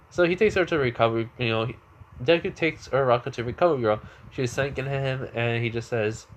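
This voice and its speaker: A man's voice: mid-range voice, brisk, slight background noise. A man telling an improvised fan story in a casual, rambling way, full of fillers and restarts.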